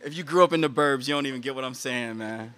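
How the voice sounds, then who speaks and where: A young man giving a lively, casual sermon to a live audience, joking and using slang, and reciting Arabic quotations quickly. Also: mid-range voice. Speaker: Islamic lecturer.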